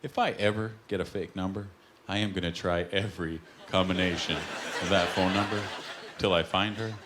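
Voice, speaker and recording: A man's voice: low-pitched, steady tone, moderate pace, a little hiss or hum. A man doing a stand-up comedy set on stage, telling stories with punchlines and putting on voices for the people he quotes. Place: comedy club stage with live audience. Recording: live stage recording with loud audience laughter. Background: audience laughter and clapping.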